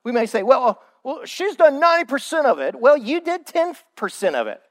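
Animated male pastor preaching. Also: extremely high pitch, moderate pace. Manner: animated preaching, acts out quoted excuses in a raised voice. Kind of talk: sermon. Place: church.

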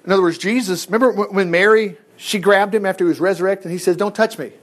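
A man's voice: high-pitched, fairly even intonation, quick pace. A man preaching an informal Bible-study sermon, reading scripture aloud and breaking off with folksy comments.

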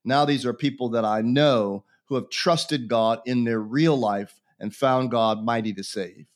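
A man's voice: mid-range voice, measured pace. A bishop being interviewed, a man who talks in an earnest, preacherly way and repeats phrases for emphasis. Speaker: bishop, guest. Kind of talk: conversational religious interview.

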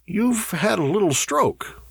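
A man voicing a gruff, bossy older medic who anxiously reads out symptoms. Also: a little high, big pitch swings, unhurried, dry recording, clean studio sound, pitched above the performer's own voice, exaggerated voice. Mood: alarmed. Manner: urgent, reading out symptoms.

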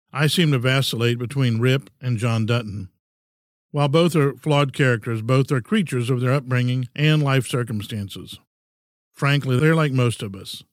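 A man in his sixties hosting a podcast, giving an earnest, measured, folksy reflective monologue. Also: medium pitch, dry recording, clean studio sound. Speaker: podcast host.

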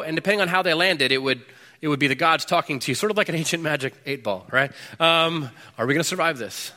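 A man preaching a sermon, swinging between loud bursts and low, hushed stretches. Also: long reverb tail. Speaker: pastor.

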